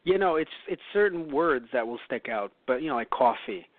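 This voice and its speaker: A man's voice: on the high side, expressive, brisk, no echo. Chatty man rambling on a tinny line. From New York. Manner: rambling, self-correcting, lots of fillers. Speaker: podcast co-host. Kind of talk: casual chat. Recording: dry, phone-like lo-fi audio.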